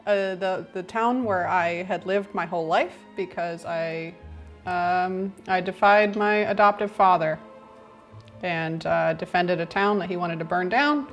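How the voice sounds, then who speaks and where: A woman playing a half-orc character at a tabletop game, blunt and quick to laugh. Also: lowish voice, faint music behind. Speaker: player.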